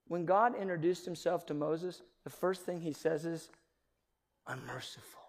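A male pastor preaching a sermon in a church, animated, swinging between loud emphasis and near-whispers. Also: fairly high pitch, normal speed. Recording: long reverb of a large hall.

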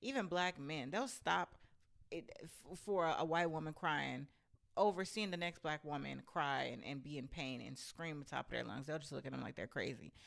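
A woman telling a story from her own life in a blunt, animated and profane casual rant. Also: sits low, moderate pace, vocal fry.

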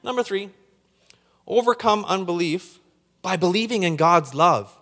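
Excitable male preacher in a reverberant hall. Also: sits high, unhurried. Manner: excitable, gets hyped up when preaching; stumbles and repeats words. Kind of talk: sermon. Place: church hall.

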